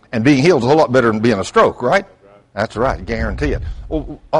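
Older pastor preaching with lively swings. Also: male voice, medium pitch. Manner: animated preaching with rhetorical questions and sudden outbursts; folksy storytelling. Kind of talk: sermon.

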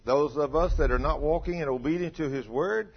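Preacher, male, husky and animated, conversational sermon on a dull low-fi recording. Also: a little fast. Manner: conversational preaching, rhetorical questions to the congregation. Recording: dull muffled low-fidelity sound.

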